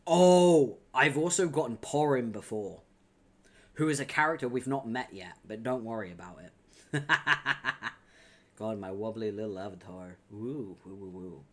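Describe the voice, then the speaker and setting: A man's voice: lowish voice, measured pace, sharp tone. A man reading a webcomic aloud on a live stream, chatting with viewers, laughing often and swearing casually.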